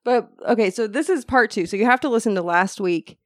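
A woman co-hosts a relaxed podcast chat, her voice hoarse and full of fry as she gets over a cold. She talks loosely and laughs a lot. The sound is close and dry. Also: fairly high pitch, a little fast, no echo. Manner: chatty, laughs often. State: hoarse from illness, vocal fry. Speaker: podcast co-host. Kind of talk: casual chat.

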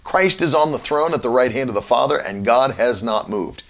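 A male preacher delivering an online sermon in an emphatic teaching voice. He slows right down on the phrases he wants to land and spells key words out letter by letter. His pitch sits in an ordinary middle range for a man. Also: lively intonation, fairly bright tone.

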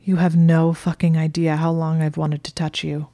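Whispered role-play: woman voicing a taunting young wizard man, low-pitched, flat and gravelly, dark tone. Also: moderate pace, no echo. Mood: strained. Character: smug teasing young aristocratic wizard man.

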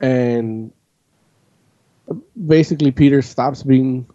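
Mellow-voiced man rambling in casual chat. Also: medium pitch, slow, dry recording. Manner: rambling, profane, full of "like". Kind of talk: casual chat, recapping a comic. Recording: dull lo-fi audio.

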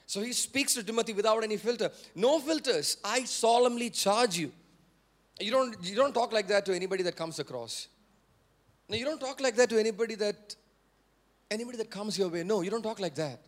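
A male pastor with an Indian English accent preaching a sermon, repeating phrases and prompting the congregation to say words back, rising to forceful emphasis. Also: high-pitched, fast talker. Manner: repetitive, call-and-response preaching.

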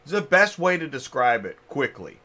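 Host, male, bright edge, rambling talker, mid-range pitch, chewing a cough drop. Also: sing-song, normal speed. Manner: rambling, thinks aloud with many restarts. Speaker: podcast host. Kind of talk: casual industry chat.

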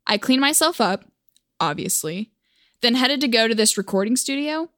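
A woman's voice: a little high, lively intonation, moderate pace, a bit bright, dry recording, clean studio sound. A young woman from Oklahoma telling a personal story for a vlog in a wry, self-mocking, chatty way.

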